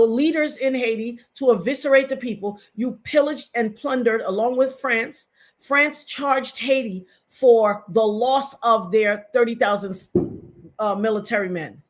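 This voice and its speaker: Impassioned middle-aged woman streamer. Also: a little high. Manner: impassioned, emphatic and repetitive. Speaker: live-stream commentator. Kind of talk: live-stream commentary.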